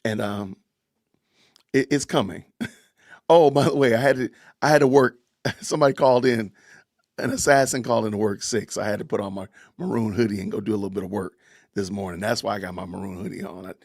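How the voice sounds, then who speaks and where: A man's voice: lowish voice, steady tone, a little fast, a little mellow, no room sound, clean studio sound. A middle-aged man, hosting a casual podcast livestream from home, chatty and laughing often as he talks to his viewers. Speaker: podcast host. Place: home, family heard in the kitchen.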